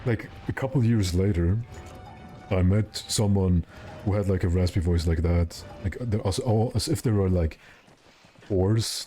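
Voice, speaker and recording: A man's voice: sits low, normal speed, warm tone, soft background music. A young man streaming a game, chatting casually and rambling with his viewers while he plays. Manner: rambling, joking, answers chat.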